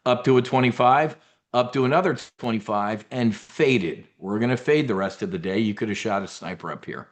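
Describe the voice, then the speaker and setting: A middle-aged man hosting a live trading webinar, brash and blunt, swearing now and then and using military slang. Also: low voice.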